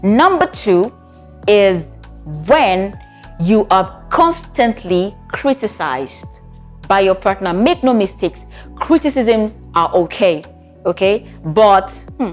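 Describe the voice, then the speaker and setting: Speaking slowly with lively intonation, this woman has a medium-pitched voice, and soft music plays behind her. She's a therapist offering relationship advice to camera, chatting conversationally and often posing rhetorical check-ins.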